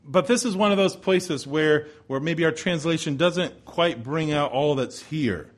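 A man preaching an expository sermon, moving between forceful emphasis and hushed, slow pauses. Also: on the high side. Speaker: pastor.

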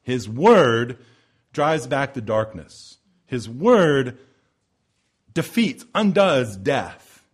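A man preaching a sermon as pastor, building to loud emphatic swells and slowing on key words. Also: mid-range voice, big pitch swings, husky.

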